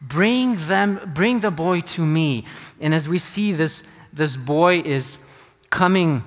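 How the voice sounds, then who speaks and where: Middle-aged pastor guy preaching, slow and halting, lots of echo from the hall. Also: a little high, fairly bright tone. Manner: earnest, halting, repeats words. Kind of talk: sermon. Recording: long reverb of a church hall.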